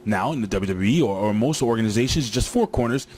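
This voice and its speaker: A man's voice: lowish voice, expressive, fast, darkish tone, a little hiss or hum. A man recapping a wrestling show in a casual, rambling way, joking and talking straight to his viewers.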